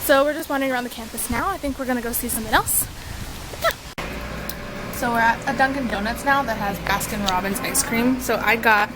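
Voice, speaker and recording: A woman's voice: a little high, brisk, background noise. A young woman chatting casually in a vacation vlog, rambling along with lots of "um" and "like". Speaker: vlogger.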